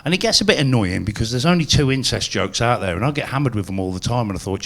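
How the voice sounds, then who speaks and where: A man's voice: medium pitch, animated, fast talker, vocal fry, hardly any pauses, fairly bright tone. A man performing a chatty, self-mocking stand-up set at a live venue. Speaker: stand-up comedian.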